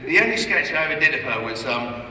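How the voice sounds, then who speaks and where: A middle-aged man giving a rambling after-dinner comedy speech, self-mocking and stumbling, with deadpan asides. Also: fairly high pitch, fast. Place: large hall at a gala dinner. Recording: echoey hall, heard from far off, audible room noise.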